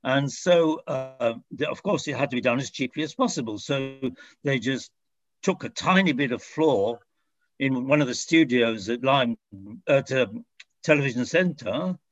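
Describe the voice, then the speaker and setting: An older actor born in France, answering interview questions in a rambling, self-correcting way with frequent chuckles. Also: male voice, medium pitch, measured pace, dull audio.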